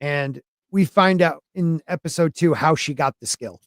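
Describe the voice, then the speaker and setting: Clean studio sound with no room sound carries this podcast co-host's fairly high voice at a normal pace. He talks about anime in a loose, chatty, rambling manner and often starts his sentences over.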